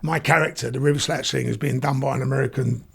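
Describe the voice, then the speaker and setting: A man's voice: mid-range voice, steady tone, quick pace, vocal fry, a bit bright, husky. An older man, a guest telling stories in casual chat and laughing often. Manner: chatty storyteller, laughs often.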